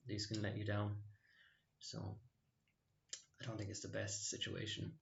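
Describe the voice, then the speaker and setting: A man hosting a stock trading channel gives a casual screen-share recap of his trades, rambling and hesitant with many fillers and restarts. His voice is lowish, monotone, unhurried, creaky and a bit bright. The audio is roomy and dull, with a little hiss or hum.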